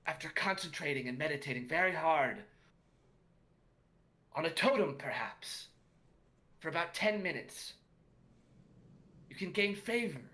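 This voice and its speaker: A patient, wry magic teacher lectures his class in a bright, clear voice, voiced by a man. He is gently amused and a little playful in a tabletop game. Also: on the high side.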